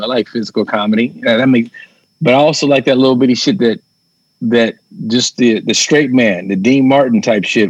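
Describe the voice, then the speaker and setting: A man talking shop about comedy in a loose, animated way, jumping into quick impressions and dropping casual curses. His voice sits in an ordinary middle pitch. The sound is dry and close, with no room around it. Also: no echo, low-quality recording. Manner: animated storyteller, swears casually, acts out quotes. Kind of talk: casual chat.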